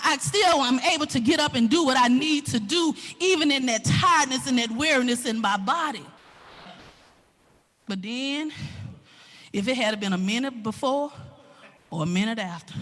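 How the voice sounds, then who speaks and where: A woman with a Southern US accent preaching a sermon in an animated way, swinging from hushed talk to shouting. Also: high voice.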